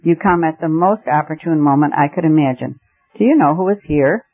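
A man reading aloud as an excitable, flustered elderly aristocrat who gushes in raised, exclamatory tones. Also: a little high, a little fast, lightly acted. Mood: excited. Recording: muffled lo-fi recording.

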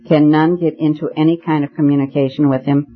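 A man voicing an anxious, fretful gentleman who talks in a hurried, agitated way, on a muffled recording. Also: on the high side, level tone, natural voice. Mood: pleading.

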